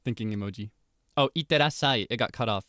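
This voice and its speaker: A man's voice: mid-range voice, normal speed, no echo. Male streamer, casual chat, laughs a lot, rambles, dry close sound. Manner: animated, giggly, rambling asides.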